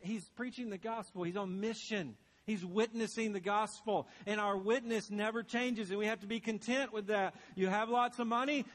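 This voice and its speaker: A male pastor with a notably high voice delivers a sermon in a church sanctuary. He preaches earnestly and emphatically, circling back to the same phrases to press each point home. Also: fairly bright tone.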